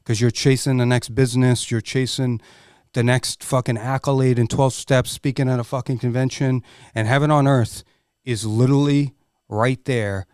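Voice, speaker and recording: A man's voice: medium pitch, fairly even intonation, moderate pace, darkish tone, smooth, dry recording, studio quality. A middle-aged man speaking as a podcast guest, telling a candid personal story in an earnest, emotional way and swearing freely.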